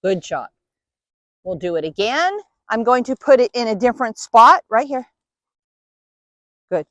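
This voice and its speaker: A woman's voice: on the high side, lively intonation, normal speed, fairly bright tone, no room sound. A woman dog trainer patiently explaining each step while giving cues and praise to her dog. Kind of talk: instructional demonstration.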